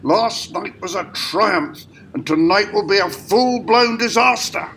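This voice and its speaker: A harried theatre director, played by a man, snaps out orders in a bright, sharp voice with a gravelly edge. His pitch sits high and jumps around. He is curt and sardonic throughout. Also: a little slow, a little hiss or hum. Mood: exasperated.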